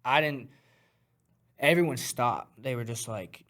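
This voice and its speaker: A man guest on a talk podcast, telling a story in an animated, profane way, acting out punches with sound words. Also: medium pitch, a little slow. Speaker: guest fighter.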